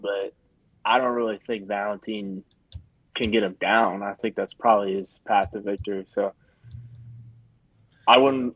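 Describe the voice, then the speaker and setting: Laid-back male co-host, muffled low voice. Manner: laid-back, laughing, understated. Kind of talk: casual chat.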